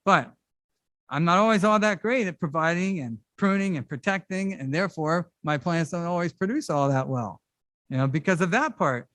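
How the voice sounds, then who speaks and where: Middle-aged male pastor, high-pitched and conversational, animated sermon delivery, dry recording. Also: moderate pace, no echo. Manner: conversational and animated, with casual asides. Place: church service.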